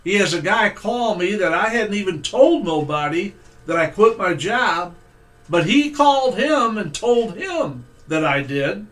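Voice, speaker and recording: High-voiced man preaching with folksy stories. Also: very animated, unhurried, fairly bright tone. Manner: folksy, conversational with fillers. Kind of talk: storytelling sermon.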